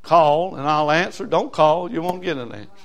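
A man preaching a sermon as pastor, folksy, swinging from loud emphasis to low asides. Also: moderate pace.

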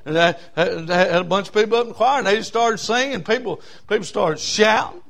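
A man, telling a story in a sermon in a folksy, animated way, with bursts of whooping. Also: high voice, brisk, gravelly. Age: 60s.

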